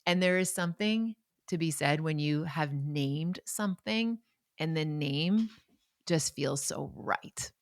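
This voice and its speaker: Low-voiced chatty woman podcaster. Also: takes it slowly, dry recording, clean studio sound. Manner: warm, chatty, enthusiastic, digresses into asides. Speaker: podcast host. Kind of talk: casual solo podcast talk.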